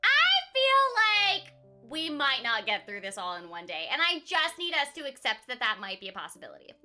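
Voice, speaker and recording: A woman's voice: high voice, big pitch swings, normal speed, over music. A woman voice actor chatting with viewers on a casual game stream in a bubbly, giggly way.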